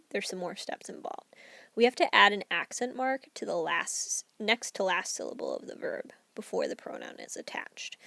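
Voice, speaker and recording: A woman's voice: mid-range voice, vocal fry, a bit bright, no echo. A woman Spanish teacher explaining grammar step by step in a recorded lesson.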